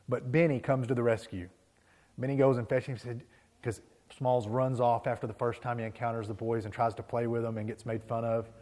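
A man pastor preaches in an animated, chatty storyteller's style, with a middle-pitched voice. His words hang in the long reverb of a church sanctuary. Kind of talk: sermon with storytelling.

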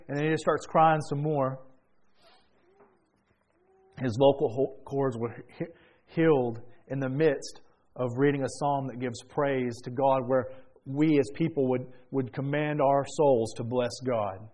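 A man preaching a sermon, telling a story quietly and then rising into loud, fervent praise. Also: mid-range voice, measured pace.

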